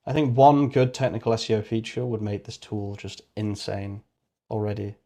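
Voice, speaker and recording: In a lowish, dark voice with flat delivery and normal speed, a British man livestreams casually. He works while thinking aloud, mumbling, rambling, and amending his own remarks.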